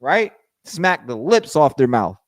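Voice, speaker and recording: A man's voice: on the high side, measured pace, dry recording. A man hosting a livestream, giving casual commentary and swearing a lot. He mocks people by quoting them in put-on voices. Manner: profane, animated, mocks with put-on quotes. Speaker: livestream host.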